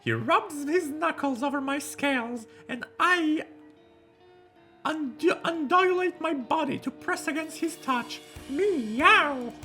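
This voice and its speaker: A man doing Lagra, a squeaky tiny dragon. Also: takes it slowly, pushed and bright, soft background music, full character voice. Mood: playful. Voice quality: high, squeaky put-on voice. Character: tiny sweet female pet dragon, affectionate.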